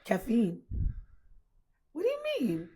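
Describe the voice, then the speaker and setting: A woman's voice: medium pitch, expressive, moderate pace. A woman co-hosting a podcast in casual chat, laughing often through playful banter. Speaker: podcast co-host.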